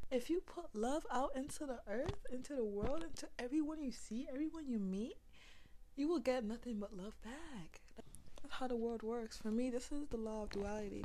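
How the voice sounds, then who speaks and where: A woman hosting a podcast into a microphone, giving a casual spiritual pep talk that swings between hushed whispers and loud, excited bursts, swearing freely. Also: sits high. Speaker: podcast host.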